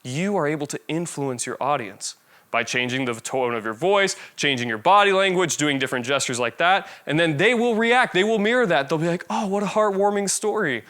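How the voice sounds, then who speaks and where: A man giving a casual, animated lecture on body language and presenting, talking conversationally and demonstrating different energy levels. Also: a little high, a little fast.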